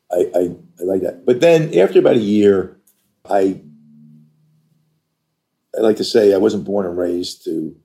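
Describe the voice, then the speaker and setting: Older man from New York, animated storyteller. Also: low-pitched, gravelly. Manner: animated, emphatic storyteller who acts out quoted dialogue. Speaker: interview guest. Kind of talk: conversational storytelling.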